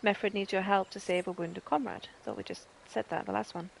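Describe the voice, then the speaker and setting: A woman's voice: mid-range voice, sing-song, fairly quick, gravelly, few pauses, slightly rough. A Northern English woman giving casual, self-amused commentary while playing a game. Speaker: gaming streamer.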